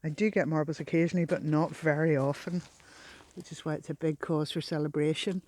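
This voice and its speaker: A woman narrating as she beachcombs outdoors, soft-spoken and given to delighted exclamations, sometimes dropping to a near whisper. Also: sits low, steady tone, a little fast. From Northern Ireland. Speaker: beachcombing vlogger. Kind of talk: casual narration while walking.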